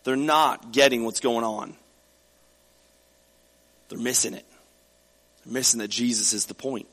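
A man's voice: medium pitch, steady tone, measured pace, fairly bright tone, big-room sound. A male pastor preaching a sermon, reading scripture aloud and then explaining it in a conversational way.

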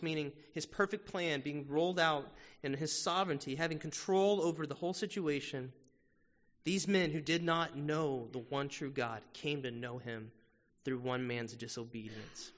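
A man's voice: mid-range voice, a bit bright. Male pastor, sermon, conversational, rhetorical questions, long hall echo, muffled sound. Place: church sanctuary.

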